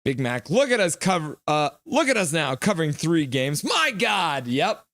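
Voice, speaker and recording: A man hosting a live hockey reaction stream, reading chat messages aloud, joking and reacting loudly to goals. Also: a little high, normal speed, dry recording, clean studio sound. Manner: excitable, reads chat aloud and jokes.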